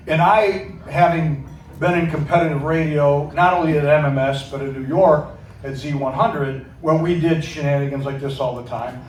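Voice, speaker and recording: A man, a former radio engineer, telling a lively anecdote on stage at a music venue and acting out the people he quotes. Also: fairly high pitch, normal speed, slight background noise. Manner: animated storyteller who acts out the people he quotes. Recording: echoey room, picked up from a distance.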